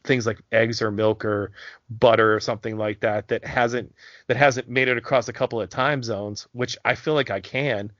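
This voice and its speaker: A man from Pennsylvania co-hosts a loose, profane podcast chat. He rambles and restarts his sentences, leaning on fillers. His voice sits at an average pitch, and the recording is dry and a little dull. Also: fairly even intonation, normal speed, fairly bright tone, no room sound. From south central Pennsylvania. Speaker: podcast co-host.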